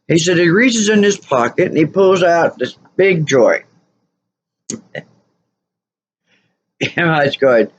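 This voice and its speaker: A woman's voice: lowish voice, expressive, slow pace, pauses often, slightly rough, highs cut off. A woman vlogger telling a story casually, rambling and full of "you know" fillers.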